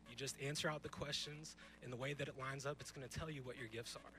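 Young male preacher, slightly high voice, bright tone, emphatic, conversational sermon, church stage. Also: rough recording. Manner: emphatic, conversational, rhetorical questions. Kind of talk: youth sermon.

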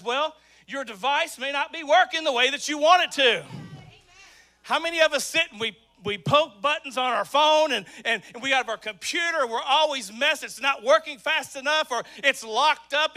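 A man preaching an energetic sermon to a church congregation, often shouting. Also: very high voice. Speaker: pastor. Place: church sanctuary with live congregation.

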